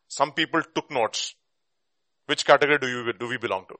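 A man preaching a sermon and teaching a Bible class, emphatic, with rhetorical questions and bursts of loud stress. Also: medium pitch, brisk, no echo.

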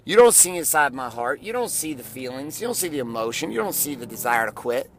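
A middle-aged man giving an intense, blunt motivational monologue, swearing often and rising at times to shouting. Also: medium pitch, sing-song, a little fast. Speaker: motivational podcast host.

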